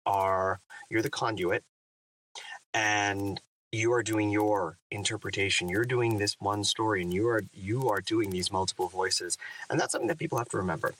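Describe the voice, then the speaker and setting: Male audiobook narrator, bright tone, reflective and lively in conversation. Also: on the low side, recorded from a distance, low-quality recording. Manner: thoughtful, animated. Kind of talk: reflective interview talk.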